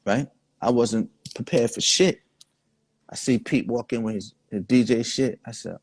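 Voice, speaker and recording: Gravelly husky-voiced man telling stories. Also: medium pitch, measured pace, a little mellow, dry recording. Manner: laid-back, storytelling with quoted dialogue. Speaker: guest artist. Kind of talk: casual interview storytelling.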